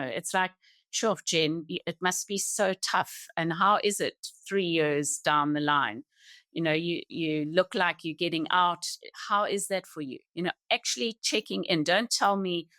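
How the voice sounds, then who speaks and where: Earnest middle-aged woman, low and dry. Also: fairly bright tone, dry recording. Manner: earnest, halting, with many restarts. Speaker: podcast guest. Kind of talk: reflective personal conversation.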